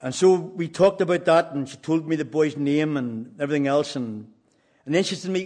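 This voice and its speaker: Male evangelist, storytelling testimony, slightly high pitch, earnest and halting. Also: a little mellow. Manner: plain, earnest, halting with restarts.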